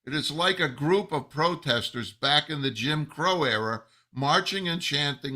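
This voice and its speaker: A man giving an angry, emphatic monologue as a rabbi, slow and building to loud outbursts. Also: a little high. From United States. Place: New Jersey.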